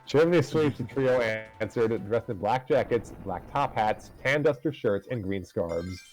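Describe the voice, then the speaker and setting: A man narrating a fan story aloud in a steady, laid-back way. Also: lowish voice, measured pace, soft background music, poor audio.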